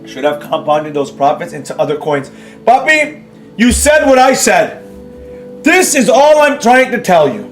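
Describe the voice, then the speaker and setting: A man with a strikingly high voice lectures his live-stream viewers in an exasperated rant, hammering the same points again and again. He stops to read chat comments and answer them, while faint music plays behind him. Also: big pitch swings, unhurried. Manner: scolding, emphatic, repeats points, rhetorical questions. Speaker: day-trading educator hosting a live stream.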